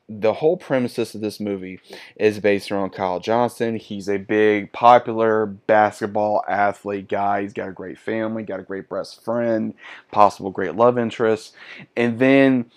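Chatty thirties guy, lowish voice, upbeat casual movie reviewer. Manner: enthusiastic, chatty.

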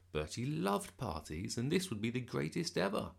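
Slow, gravelly male storyteller. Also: mid-range voice. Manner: lively, expressive storytelling. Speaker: children's story reader. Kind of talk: bedtime story reading.

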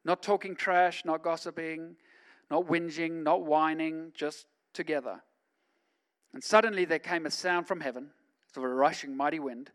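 A man, a pastor, preaching a sermon in a conversational way that swings from quiet asides to loud, emphatic stretches. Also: fairly high pitch, fairly even intonation, moderate pace, clean tone.

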